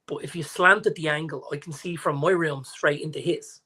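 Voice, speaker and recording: A man in his forties with an Irish accent, co-hosting a podcast and telling stories in lively casual chat, acting out the people he quotes. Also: a little high, a little fast, breathy edge. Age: 40s. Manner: animated storyteller, acts out quotes. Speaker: podcast co-host.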